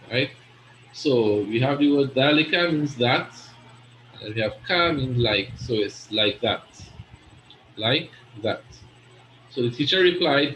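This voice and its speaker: A man's voice: medium pitch, a bit bright, roomy sound, a little hiss or hum, poor audio. A man teaching an Arabic grammar class, patiently explaining and often checking understanding with "right?".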